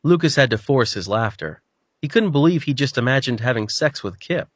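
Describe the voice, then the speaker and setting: A man narrating an audiobook with an even, storytelling delivery. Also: mid-range voice, fairly quick, no echo. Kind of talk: scripted narration.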